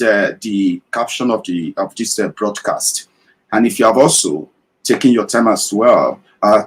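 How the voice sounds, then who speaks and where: A man's voice: mid-range voice, low-quality recording. A man with a Nigerian accent hosting an impassioned political commentary broadcast, speaking emphatically, asking listeners direct questions and repeating his points.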